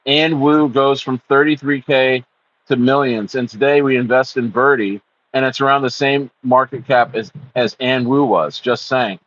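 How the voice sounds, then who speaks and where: A man's voice: mid-range voice, steady tone, normal speed, fairly bright tone, no echo, lo-fi sound. A man hosting a casual crypto livestream, reading chat comments aloud in a rambling way with many stammered restarts. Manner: rambling, stammering restarts, acts out voices in quotes.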